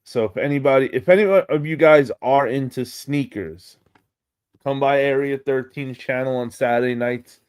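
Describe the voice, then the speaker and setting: A man with a New York accent hosting a casual live stream, excitable and swearing freely as he greets viewers. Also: mid-range voice, moderate pace, clear, resonant tone.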